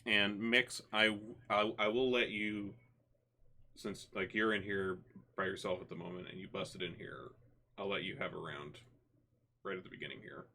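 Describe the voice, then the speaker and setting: Male game master, deep pitch, bright tone, loose, filler-heavy narration. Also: normal speed, creaky, a little hiss or hum. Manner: relaxed, many fillers and restarts.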